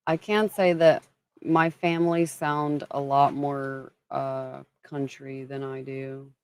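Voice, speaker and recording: A woman's voice: rumbling low, level tone, slow pace, clean tone, dry recording. A woman from Kentucky hosting a casual livestream, chatting and greeting viewers by name as she talks. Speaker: livestream host.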